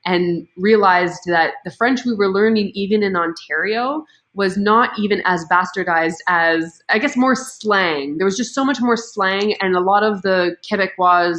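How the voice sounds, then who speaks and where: A woman's voice: medium pitch, measured pace, few pauses, fairly bright tone, low-quality recording. Chatty Canadian woman on a video call. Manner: chatty, self-deprecating, laughs easily. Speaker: guest. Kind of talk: casual live interview chat.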